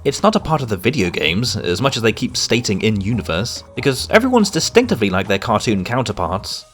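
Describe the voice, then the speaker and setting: A man's voice: fairly low pitch, very animated, a little fast, fairly bright tone, faint music behind. A man delivering a scripted, sarcastic and exasperated review of a comic.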